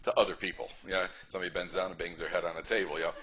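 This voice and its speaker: A male rabbi delivers a comic lecture of stories at a racing pace, his low voice bright and forceful, with little pitch movement. He chats, repeats phrases, and keeps tossing "right?" to the audience. The lecture recording is dull and lo-fi, with faint noise.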